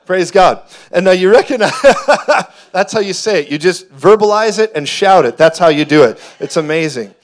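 Male preacher, fervent sermon delivery with shouting peaks, mid-high voice. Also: expressive, normal speed. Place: church hall before a congregation.

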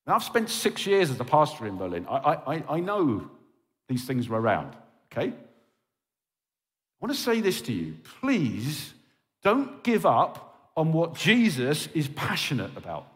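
A man's voice: a little high, wildly swooping pitch, measured pace. A man preaching a sermon as a pastor, pleading and impassioned, often checking in with his listeners. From England. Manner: impassioned and pleading, with frequent "okay?" check-ins. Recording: reverberant hall.

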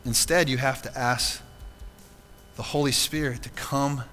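A man's voice: mid-range voice, steady tone, measured pace, pushed and bright, big-room sound, soft background music. A man preaching a sermon to his congregation in a church, earnest and conversational, often asking rhetorical questions. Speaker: pastor. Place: church sanctuary.

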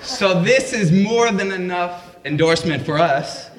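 A man's voice: high voice, a little slow, a crowd in the background, noisy background. Laughing man telling a personal story. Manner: casual, laughing anecdotal delivery. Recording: roomy echo.

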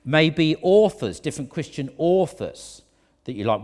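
A man's voice: a little high, big pitch swings, a little slow, darkish tone. A man preaching a conversational sermon in a church, hesitant, with many ums, you-knows and restarts. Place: church auditorium. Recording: long reverb of a church hall.

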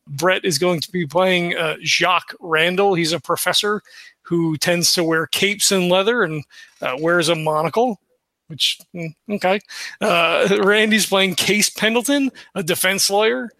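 Bright high-voiced man recapping a game. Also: a little slow, no room sound. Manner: loose, filler-heavy, laughs easily. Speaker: player recapping the session. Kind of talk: casual podcast recap.

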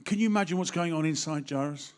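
A middle-aged man with an English accent, preaching a sermon in a lively way, speaking straight to the congregation and acting out little voices. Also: a little high, fast. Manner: animated, acts out voices, talks directly to the congregation.

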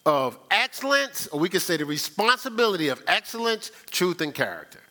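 A man's voice: high voice, very animated, a little fast, hardly any pauses, bright, forceful tone. A man preaching a conversational sermon, talking with the congregation, asking rhetorical questions and repeating his key lines. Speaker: pastor.

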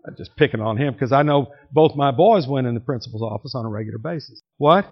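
A man's voice: mid-range voice, fast talker. An older man preaching a sermon to his congregation, telling family stories in a folksy way and teasing people in the pews. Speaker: pastor. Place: church sanctuary. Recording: muffled lo-fi church recording.

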